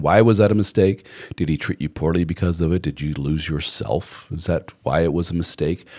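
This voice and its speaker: A man's voice: deep voice, mellow. A middle-aged man hosting a casual live chat, rambling conversationally and answering viewer comments as a relationship coach.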